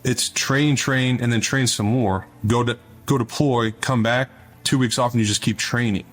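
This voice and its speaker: A man's voice: mid-range voice, steady tone, normal speed, fairly bright tone, faint music behind. A middle-aged man, a former Navy officer, speaking as an interview guest, telling stories in an earnest, conversational way that often repeats words as he starts a thought. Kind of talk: interview storytelling.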